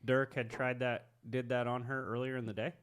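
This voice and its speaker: A man's voice: medium pitch, flat delivery, a little fast, fairly bright tone, smooth. A man co-hosting a podcast in casual chat, joking and laughing along with the others. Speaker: podcast co-host.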